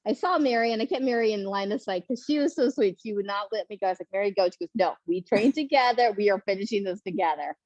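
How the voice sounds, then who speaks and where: A woman's voice: mid-range voice, quick pace, hardly any pauses, dry recording. Woman telling her marathon story, laughs a lot, kinda muffled dry audio. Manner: animated, laughing, acts out quotes. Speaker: panelist, first-time marathoner. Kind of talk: casual storytelling on a panel. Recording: muffled lo-fi sound.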